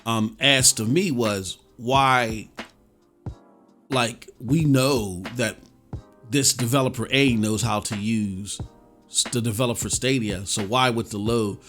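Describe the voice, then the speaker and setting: A man co-hosting a casual podcast chat, telling stories with lots of animation and swinging between loud bursts and quiet asides. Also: medium pitch, slow, soft background music. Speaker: podcast co-host.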